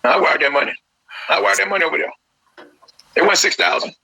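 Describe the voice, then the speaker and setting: A man's voice: sits high, brisk, vocal fry, pushed and bright, slightly rough, dry recording, rough recording. A man, a grieving father, speaking with passion and repeating his words in an interview. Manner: impassioned, repeats phrases. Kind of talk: emotional phone interview.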